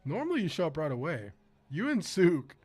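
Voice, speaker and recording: A man streaming a video game who tells stories in an animated, slangy way and laughs often. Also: a little high, a little fast, slightly rough. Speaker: gaming streamer. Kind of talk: casual storytelling while playing.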